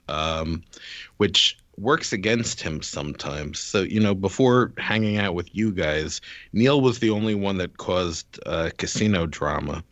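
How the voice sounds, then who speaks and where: A man's voice: deep voice, lively intonation, measured pace, a bit bright. A man co-hosting a podcast, chatting casually and rambling through his stories with restarts. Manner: rambling, many restarts and fillers. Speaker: podcast co-host. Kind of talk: casual chat.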